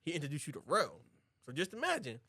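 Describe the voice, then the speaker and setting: A man's voice: fast, breathy edge, no echo. A man co-hosting a podcast, casually recapping a film and acting out the characters' lines. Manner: animated, acts out characters' lines in a high voice. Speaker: podcast co-host.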